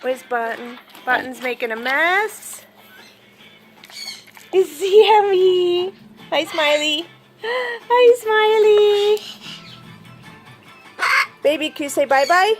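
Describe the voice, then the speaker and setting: A woman with a high, swooping voice coaxes her pets in sing-song baby talk. She speaks slowly and patiently. Soft music plays faintly behind her. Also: expressive. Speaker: pet owner and vlogger. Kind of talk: casual pet vlog.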